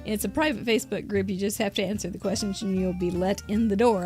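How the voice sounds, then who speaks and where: A woman's voice: medium pitch, quick pace, darkish tone, soft background music. An older woman hosting a live crafting show, chatting casually and giggling as she thinks aloud. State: out of breath.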